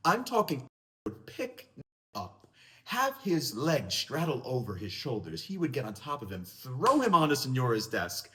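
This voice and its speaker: A young man tells a school story for a casual vlog in a jokey, animated way. His voice is bright, and his pitch swings widely from line to line. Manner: animated, jokey, lively delivery.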